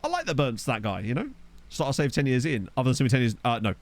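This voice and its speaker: A man talking through a football management game, chatty and loose, swearing freely and chuckling at his own asides. His voice sits at an ordinary middle pitch but bounces around a lot as he reacts. He records at a desk microphone. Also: huge pitch swings, quick pace. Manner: chatty, swears casually, laughs at own jokes. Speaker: gaming YouTuber. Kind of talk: let's play commentary. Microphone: desktop USB microphone.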